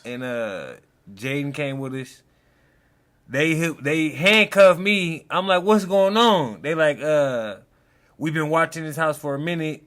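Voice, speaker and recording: A man's voice: on the high side, lively intonation, unhurried, a bit bright. A young man hosting a casual reaction chat, telling a story in loose slang and acting out the quotes. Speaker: host.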